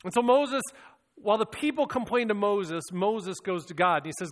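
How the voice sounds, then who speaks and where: A man's voice: sits high, normal speed, in a large hall. A man preaching a sermon in an earnest, reflective way, often restarting and repeating words as he speaks.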